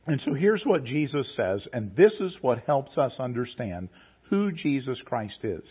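Guy preaching, reads verses slow then talks it through casual, sounds like a phone line. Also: mid-range voice, sing-song, husky. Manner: reads scripture slowly, then paraphrases conversationally. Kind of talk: sermon with scripture reading. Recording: tinny phone-like recording.

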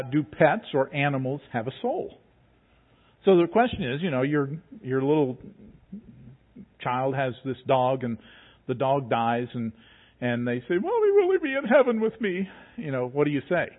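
A man's voice: mid-range voice, slightly rough. A man preaching a sermon in a folksy, joking, storytelling way. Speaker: pastor. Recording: phone-like narrow band.

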